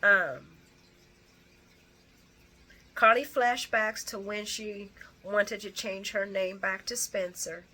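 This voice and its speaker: A woman recapping a soap opera in a casual, animated way, blunt and profane, and acting out the scenes as she goes. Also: medium pitch, slow, pauses often.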